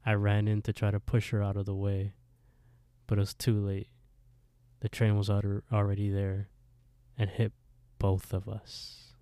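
A man's voice: lowish voice, normal speed, pauses often, clean tone, dry recording. A man casually recapping a TV episode, acting out the characters' lines and laughing often. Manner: animated retelling, switches between characters' lines, laughs often. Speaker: podcast co-host recapping an episode. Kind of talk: casual chat, retelling a plot with quoted dialogue.

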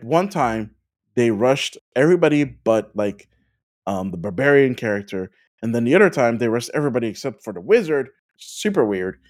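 A podcast host telling a gaming story in casual chat, animated and full of fillers, often laughing along. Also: mid-range voice. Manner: laughs through stories.

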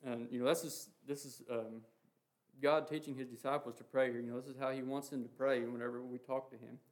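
A man giving an informal, earnest sermon, talking haltingly with many fillers and reading scripture passages aloud. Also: medium pitch, level tone. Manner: halting, heavy with "you know" and "um" fillers. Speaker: preacher. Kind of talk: informal sermon on the Lord's Prayer.

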